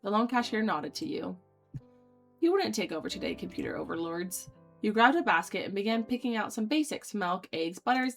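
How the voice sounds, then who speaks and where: A young woman streamer reading a dating sim aloud, voicing its lines dramatically and breaking off into loud excited reactions. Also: mid-range voice.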